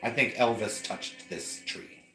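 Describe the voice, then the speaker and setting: A playful, joking man of middle pitch chats casually while showing a collection at home. The room sounds roomy, with faint music playing behind him. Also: fairly even intonation, unhurried, pushed and bright. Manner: playful, jokey. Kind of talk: casual livestream chat. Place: house at night.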